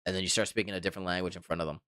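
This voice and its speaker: A man's voice: low voice, little pitch movement, rapid-fire, pushed and bright, smooth, dry recording, clean studio sound. A man streaming live, chatting casually and reading viewer comments, rambling and repeating himself with mock indignation. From Canada.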